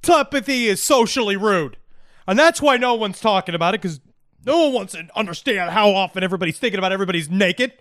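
A man's voice: sits high, lively intonation, fast talker, fairly bright tone, no room sound, studio quality. Man doing a manic, grandiose killer. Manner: boastful, rambling, mock-authoritative. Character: grandiose delusional male killer on trial, manic.

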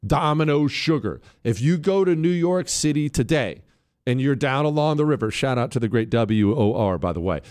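A man's voice: medium pitch, normal speed. A man hosting a political talk show, giving a rambling monologue, breaking off mid-sentence and calling out to his crew. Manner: animated, rambling, self-interrupting; addresses his crew on air.

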